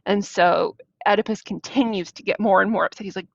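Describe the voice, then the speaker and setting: A woman's voice: medium pitch, steady tone, a little fast, vocal fry, dry recording. A woman teacher giving a casual literature lesson, explaining a play in loose, chatty paraphrase. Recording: dull, dry lo-fi recording.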